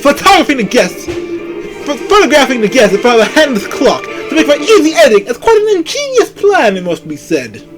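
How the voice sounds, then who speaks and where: A man's voice: very high-pitched, huge pitch swings, a little fast, over music, voice pushed up, full character voice, low-quality recording. A man voicing a confident bird defense attorney in a courtroom game, laying out an accusation theatrically. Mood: accusing.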